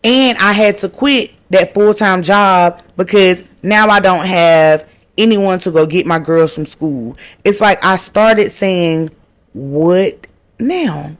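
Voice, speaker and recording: A woman's voice: fairly low pitch, slow pace. A woman hosts her own podcast and tells a heartfelt faith testimony. She talks earnestly, repeats phrases for emphasis and speaks to her listeners as y'all. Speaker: podcast host.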